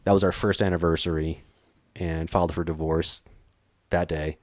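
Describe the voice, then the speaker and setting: Deep-voiced man telling a wild story. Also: moderate pace, dry recording. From Arizona. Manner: animated, acts out quoted dialogue, frequent fillers. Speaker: treasure hunter guest. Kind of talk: casual storytelling.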